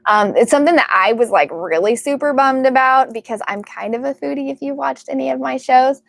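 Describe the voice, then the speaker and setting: A woman working as a psychic medium, talking casually and excitedly to her viewers, full of fillers and "like". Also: high voice, fairly quick, vocal fry, no echo. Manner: chatty and excitable, many fillers and likes. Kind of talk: casual spiritual talk to camera.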